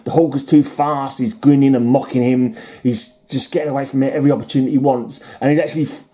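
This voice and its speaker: A man's voice: medium pitch, steady tone, quick pace, mellow. A man casually summarizing old comic stories, rambling with restarts and chuckles. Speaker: comic reviewer. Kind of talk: casual chat.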